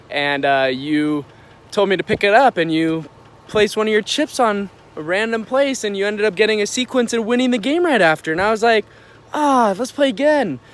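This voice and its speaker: A man's voice: sits high, clear, resonant tone. A man casually recalling a game with his grandfather, amused by how it ended. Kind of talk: casual anecdote.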